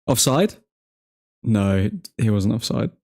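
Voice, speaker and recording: Male watchalong host, casual reactive commentary, slow delivery. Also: fairly low pitch, creaky, a little mellow. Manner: reactive, chatty fan talk with slang. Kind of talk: live football reaction commentary.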